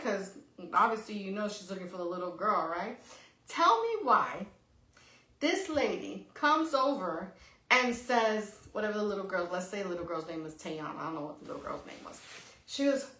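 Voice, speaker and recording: Bright, animated, swearing woman. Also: mid-range voice, normal speed. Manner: animated, swears freely, says "right?" often. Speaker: podcast co-host. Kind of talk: casual storytelling chat. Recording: echoey room.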